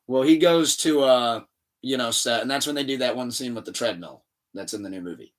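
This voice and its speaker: A man co-hosting a casual podcast, telling a story with lively acted-out dialogue. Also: medium pitch, fairly quick, recorded from a distance. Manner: animated storytelling, acts out quoted dialogue. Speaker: podcast co-host. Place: room shared with co-host.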